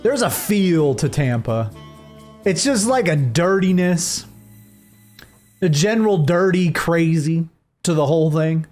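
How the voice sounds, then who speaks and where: A man's voice: fairly high pitch, lively intonation, measured pace, pauses often, darkish tone, soft background music. A young man streaming a game, telling a rambling story with many restarts and fillers. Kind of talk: casual storytelling while gaming.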